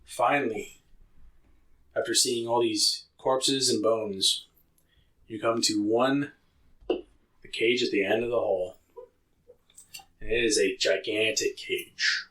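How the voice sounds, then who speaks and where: Bright-voiced male game master. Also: on the low side, fairly even intonation, takes it slowly, pauses often, low-quality recording. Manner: loose descriptive narration with many fillers. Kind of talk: narrating a tabletop game.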